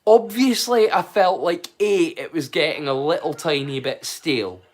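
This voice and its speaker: A man's voice: on the high side, moderate pace. A man with a Scottish accent, mixed and borrowed from many places, hosting a casual live-stream watch-along, rambling and chatting straight back to his viewers. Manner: rambling and chatty, answers his chat directly.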